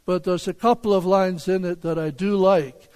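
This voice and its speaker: An older man, a pastor, preaching a sermon in a deliberate, emphatic way, with rhetorical questions for the congregation. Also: high-pitched, fairly even intonation, a little mellow, clean tone. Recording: long hall reverb.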